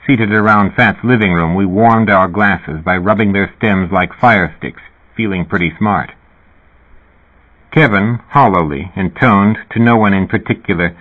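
Guy narrating a novel in first person, lowish husky voice, tinny phone-line sound, steady pace. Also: measured pace. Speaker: audiobook narrator.

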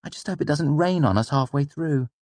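A man voicing a proud young boy from a traveling troupe, speaking with sharp, indignant retorts. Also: on the high side, brisk, no room sound, pitched above the performer's own voice, close to an everyday voice. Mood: eager.

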